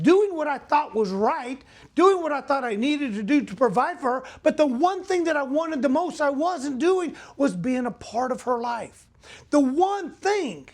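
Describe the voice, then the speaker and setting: A man speaking as a motivational speaker, telling a personal story earnestly and asking the audience direct questions. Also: extremely high pitch.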